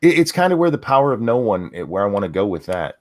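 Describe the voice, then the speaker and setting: Man, very low voice, halting, stammery starts, casual chat. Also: big pitch swings. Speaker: podcast co-host.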